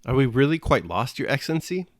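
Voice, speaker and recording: A man's voice: medium pitch, big pitch swings, quick pace, no echo, studio quality, voice pushed up, natural voice. A man voicing a frightened old male steward who stammers and pleads. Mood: pleading.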